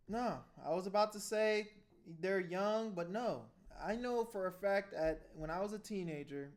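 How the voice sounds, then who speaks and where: Casual high-pitched guy, blunt and swearing, reacting loud. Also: slight background noise. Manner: blunt, profane, animated outbursts. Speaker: reaction channel host. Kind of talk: casual video reaction commentary.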